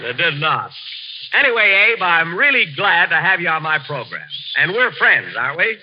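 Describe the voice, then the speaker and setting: A man hosting an old radio comedy, vain and easily indignant, stumbling over uh's. His voice swoops up and down and sits a little high. The broadcast is dull and lo-fi, with faint hiss. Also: big pitch swings, moderate pace. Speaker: comedian host.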